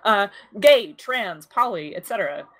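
A woman's voice: medium pitch, expressive, measured pace. A woman co-hosting a podcast in casual chat about tabletop games, making dry, opinionated asides. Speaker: podcast co-host.

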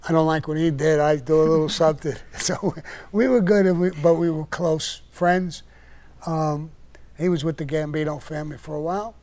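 An older man hosts a live-stream podcast, telling stories bluntly and with plenty of profanity, and he grows heated when ranting. His voice sits on the high side, with fairly even intonation, a moderate pace, and a darkish tone.

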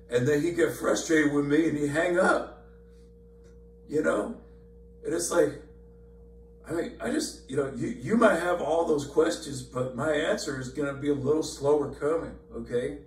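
A man leading an informal Bible study, talking conversationally with many fillers and repeated words. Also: mid-range voice. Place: church meeting room. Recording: echoey room, far from mic, faint hum.

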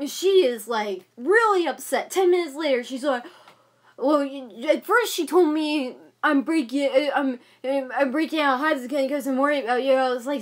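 High-voiced young woman ranting. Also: moderate pace. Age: young adult. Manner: agitated ranting, many fillers and repeats. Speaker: vlogger. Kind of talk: casual venting vlog.

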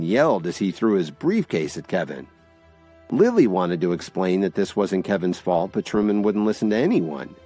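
Brief: male audio-drama narrator, low and lively, soft music bed. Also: normal speed. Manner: expressive storytelling.

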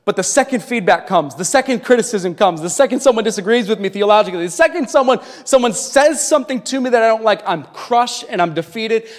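A man preaching a sermon as pastor, with impassioned delivery that swings from loud to hushed. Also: very high-pitched. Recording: long reverb of a large hall.

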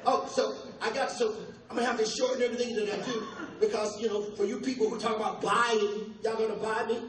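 A man's voice: sits high, flat delivery, noisy background. An older man performing live stand-up comedy, joking loosely and teasing the crowd, his voice worn from weeks of touring. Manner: loose, playful crowd work with quick asides to the audience. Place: comedy club stage before a live audience. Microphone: handheld stage mic. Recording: echoey club recorded from a distance. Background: audience laughter and room ambience.

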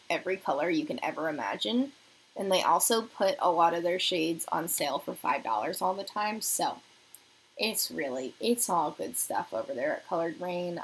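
Young woman, casual beauty livestream host, animated delivery, reads comments aloud, soft asides. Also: medium pitch, slight background noise, poor audio. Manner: chatty, reads viewer comments aloud, often drops to a soft murmur. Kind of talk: casual livestream chat while doing makeup. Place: home apartment.

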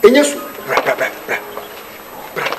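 Film drama: a heated Ghanaian man, high voice, echoey room, music bed. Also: animated, fairly quick, far from the mic, heavy background noise. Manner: pleading then heated, mixes English into speech.

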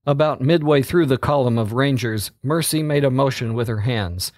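A man reading a story aloud as narrator, in a slow, steady delivery. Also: mid-range voice, no room sound, studio quality.

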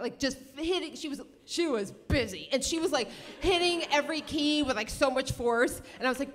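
Animated woman telling a story on stage. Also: fairly high pitch, moderate pace. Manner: animated, chatty, many fillers and self-corrections. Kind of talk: live storytelling performance. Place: cultural center stage before an audience.

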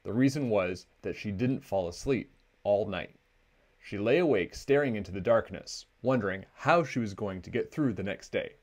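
A man with a low voice reads a children's picture book aloud. His delivery is lively, with plenty of rise and fall in pitch, and it carries a clear storytelling rhythm. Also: moderate pace. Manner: expressive, storytelling.

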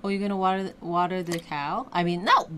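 A woman's voice: lowish voice, steady tone, fast. A young adult woman playing a game with her child, coaching and cheering her on in casual chat. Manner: coaching, encouraging, exclaiming. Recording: loud background noise.

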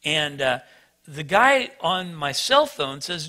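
Brief: male pastor, high bright voice, lively self-deprecating storyteller. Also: slow pace. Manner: animated, self-mocking storyteller. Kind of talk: sermon storytelling.

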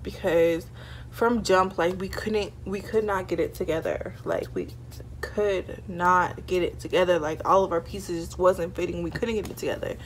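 A young woman talks straight to her camera in a relaxed storytime vlog, chatty and full of fillers. Her voice sits at a middle pitch for a woman. A faint hiss sits under the recording. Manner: chatty, animated, many fillers like "like" and "y'all". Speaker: vlogger. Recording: faint background noise.

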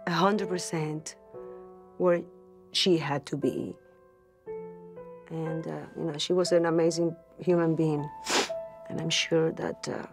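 A woman telling of a ghost encounter in a documentary interview, halting and repeating her words as she goes. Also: deep voice. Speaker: celebrity guest recounting a ghost story. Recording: music bed under the voice. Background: background music.

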